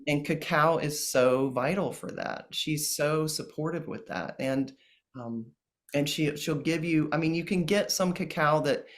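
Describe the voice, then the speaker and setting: A man speaking as a guest in a casual interview about ceremonies, gentle and earnest, with many pauses and restarts. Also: a little high. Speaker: plant medicine ceremonialist guest.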